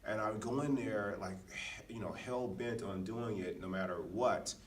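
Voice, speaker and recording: Earnest low-voiced man, off-mic. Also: normal speed, far from the mic, slight background noise. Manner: earnest, anecdotal, frequent restarts. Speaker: podcast co-host. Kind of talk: casual reflective chat.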